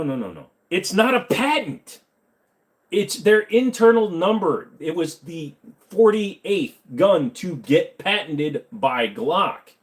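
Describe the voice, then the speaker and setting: Joking livestream host, lively pitch. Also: male voice. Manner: joking, rambling, self-correcting. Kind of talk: casual livestream Q&A reading chat.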